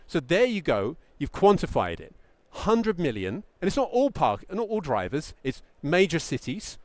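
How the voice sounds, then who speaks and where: A middle-aged man giving a presentation to founders as a pitch coach, emphatic and lively, sometimes acting out what a founder might say. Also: moderate pace, no echo. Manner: animated, emphatic, acts out mock founder quotes.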